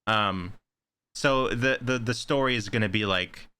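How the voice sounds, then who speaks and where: A man on a casual podcast, rambling through a story with filler words everywhere. His voice sits a bit low but has a bright, forward edge. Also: measured pace, clean tone. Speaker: podcast co-host. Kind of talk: casual chat.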